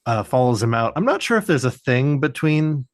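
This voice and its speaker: Man, podcast co-host, casual review chat, lively intonation, dry close mic. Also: normal speed, no echo. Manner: animated, acts out cartoon lines in a mocking high voice.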